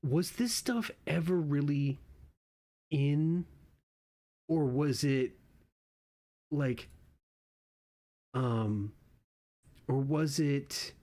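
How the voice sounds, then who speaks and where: A man's voice: medium pitch, darkish tone. A young man doing casual reaction commentary, rambling and swearing freely, often restarting his sentences. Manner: rambling and profane, with frequent restarts. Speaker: online commentator.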